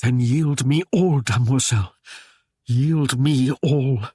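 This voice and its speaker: A man's voice: medium pitch, slow, dark tone, husky, no echo, clean studio sound. A man voicing a stern, commanding Norman warlord who speaks in harsh, old-fashioned phrases. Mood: hushed. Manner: harsh, commanding, archaic speech.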